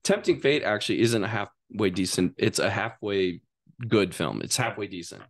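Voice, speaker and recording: A man's voice: lowish voice, moderate pace. A middle-aged man, a guest actor telling stories in casual chat and acting out the voices. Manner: animated, acts out voices in his stories. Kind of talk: casual storytelling.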